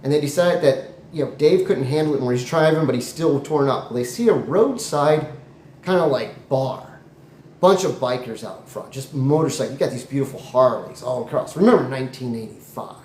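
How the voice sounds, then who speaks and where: A man improvising a comic story in a rambling, animated way with jokey asides. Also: mid-range voice, normal speed. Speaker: comedy storyteller. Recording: echoey room, faint noise.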